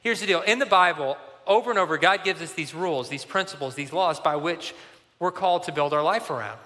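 A man in his forties preaching a sermon in a church, telling a personal story in an animated, conversational way. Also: on the high side, fairly quick, big-room sound. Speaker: pastor.

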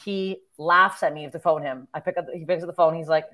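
A woman's voice: deep voice, steady tone, a little fast, pushed and bright. A young woman comedian from Canada, telling stories bluntly and with plenty of swearing in casual podcast chat. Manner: blunt, profane storytelling. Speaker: stand-up comedian, podcast guest.

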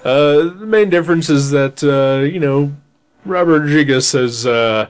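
A man in casual conversation reviewing a film, laid-back and halting, with frequent restarts and laughter. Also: a little high, clear, resonant tone. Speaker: podcast co-host. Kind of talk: casual movie review chat.

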